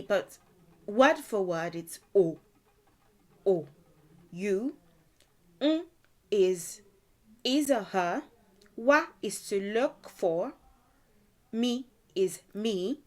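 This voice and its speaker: A woman's voice: medium pitch, lively intonation, slow, long pauses. Chatty woman teaching a language lesson. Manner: chatty, frequent "you know", laughs often. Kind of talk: casual explanatory lesson.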